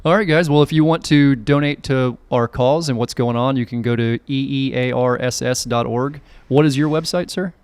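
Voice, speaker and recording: A man's voice: mid-range voice, normal speed, hardly any pauses, a little mellow, clean tone, no echo. A middle-aged man hosting a podcast, chatting casually and rambling a little with restarts. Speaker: podcast host. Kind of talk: casual chat.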